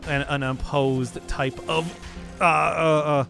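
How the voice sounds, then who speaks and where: A man's voice: on the high side, level tone, takes it slowly, creaky, pushed and bright, soft background music. A man streaming a game, rambling in casual commentary and laughing at his own jokes.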